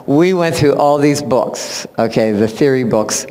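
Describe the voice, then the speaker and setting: Guy telling stories about his student at a recital, mid-pitched voice, big hall echo, lively and laughs a lot. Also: a little slow. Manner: warm storytelling, animated, acts out quotes, laughs often. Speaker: music teacher giving a recital introduction. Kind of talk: spoken tribute speech at a recital. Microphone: far camera. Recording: long hall reverb from a camera.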